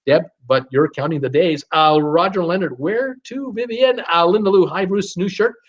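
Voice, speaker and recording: A man's voice: on the high side, fairly even intonation, moderate pace. A middle-aged man hosting a casual live show, talking with lots of fillers and reading viewer comments aloud. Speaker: host of a live cruise show. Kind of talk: casual live-stream chat. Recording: dull lo-fi stream audio.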